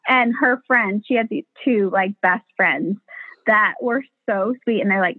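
Speaking at a measured pace in a mid-range voice, a woman midwife tells birth stories as a guest in a casual interview. She's animated, uses plenty of fillers, and acts out the voices of people she quotes. The recording is dry and tinny like a phone line, with no echo.

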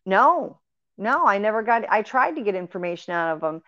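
A woman's voice: medium pitch, very animated, normal speed, sharp tone, dry recording. A woman telling her paranormal experiences in an earnest, rambling way, with fillers and restarts. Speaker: guest sharing paranormal experiences. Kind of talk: casual conversational storytelling. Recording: dry, dull lo-fi audio.

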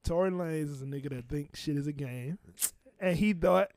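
A man's voice: fairly high pitch, moderate pace, darkish tone. A man in casual podcast banter, arguing his point hard and cutting in with blunt, profane remarks. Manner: argumentative, profane, talks over others. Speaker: podcast co-host.

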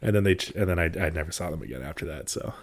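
A man's voice: very deep voice, racing, gravelly, slightly rough. A young man in casual chat, telling stories animatedly and laughing often. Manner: laughs often, animated storytelling with loud bursts.

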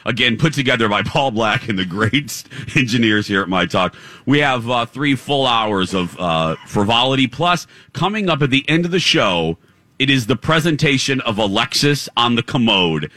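Bright-voiced playful radio host. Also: male voice, mid-range voice, lively intonation, normal speed. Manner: playful storyteller, joking, laughs often. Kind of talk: live morning radio chat. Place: live broadcast from a theater stage.

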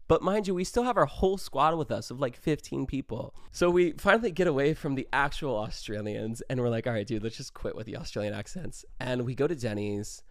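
A young podcast host tells a profane, animated party story in casual fashion, acting out every quote in his own voice. His mid-range voice comes through clean studio sound with no room sound.

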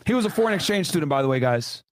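A young man hosting a casual, profane reaction commentary, animated and quick to laugh. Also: a little high, dry recording, clean studio sound. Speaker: YouTube commentary host.

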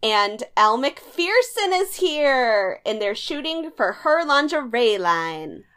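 A woman's voice: on the high side, big pitch swings, slow pace, fairly bright tone, clear, resonant tone. A young woman co-hosting a casual chat recap, sarcastic and chatty, who often acts out quotes. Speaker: podcast co-host.

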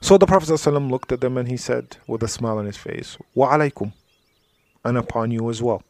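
An Islamic speaker with a medium-pitched voice gives a rapid-fire religious talk with no room sound. He tells stories conversationally, often dropping into soft asides and saying "you know" a lot.

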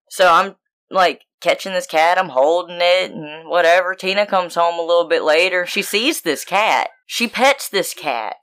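Woman co-host, bright crisp voice, profane animated storyteller, casual chat. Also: fairly low pitch, moderate pace. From United States. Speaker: podcast co-host.

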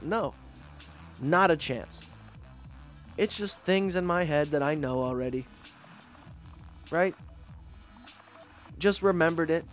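A man hosting a podcast, ranting in a casual, profane, animated way and mocking others with put-on voices. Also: fairly high pitch, takes it slowly, long pauses, faint music behind. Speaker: podcast host. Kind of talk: casual rant.

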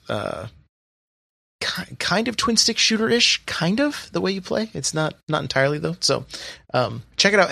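This podcast host has a medium-pitched voice with vocal fry and a sharp edge. Chatting casually, he rattles off sale prices with plenty of fillers, captured in studio quality with no room sound.

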